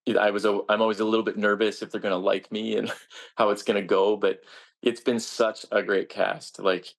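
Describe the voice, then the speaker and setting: A man's voice: lowish voice, little pitch movement, moderate pace, vocal fry. A man, a stage actor, answering interview questions in an earnest, reflective way with frequent restarts.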